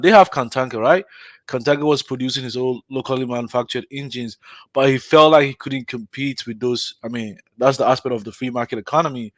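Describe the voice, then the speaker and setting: A man weighs in on a casual online debate, hesitant and full of restarts. His mid-pitched voice sounds dry and close to the mic. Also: fairly bright tone, no room sound. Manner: hesitant, many fillers and restarts. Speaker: panel guest.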